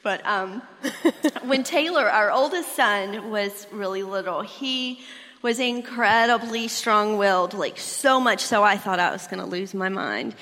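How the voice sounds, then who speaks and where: A woman's voice: medium pitch, animated, unhurried, sharp tone. A woman in her forties, a mother on a church panel, speaking candidly and with light laughter. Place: church hall. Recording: echoey hall.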